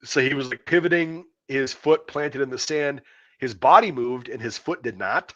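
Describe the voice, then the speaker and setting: A man's voice: medium pitch, moderate pace, bright, forceful tone, dry recording. Crude, blunt man telling army stories. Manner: profane, blunt storytelling. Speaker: podcast host. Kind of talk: casual chat. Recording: dull, lo-fi dry recording.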